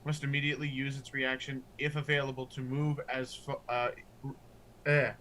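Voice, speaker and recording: A man's voice: mid-range voice, flat delivery, moderate pace, a bit bright, a little hiss or hum. A man playing a tabletop role-playing game, chatty, with casual swearing and frequent restarts. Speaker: player.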